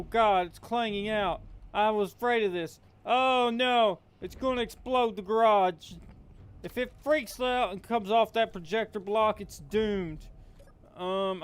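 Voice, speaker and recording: A young man hosting his gaming channel, rambling to himself as he plays and quickly getting alarmed. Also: high voice, clean tone. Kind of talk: game commentary.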